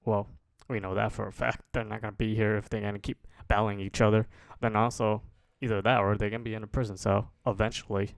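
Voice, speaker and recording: A man casually commenting as host of a reaction video, rambling and pausing to remark on what he watches. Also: on the low side, gravelly. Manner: relaxed, rambling, pauses to comment.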